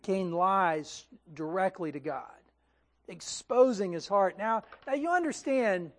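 A male pastor delivers a sermon in a lively, conversational style, frequently checking in with his audience and restarting his phrases. His voice is high-pitched and his pace is slow.

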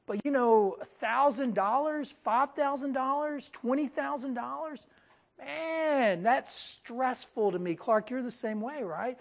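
Brief lively woman teacher, casual Bible study, fairly high voice, talks right to the group. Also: a little slow, vocal fry. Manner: animated, talks straight to her group, acts out quotes.

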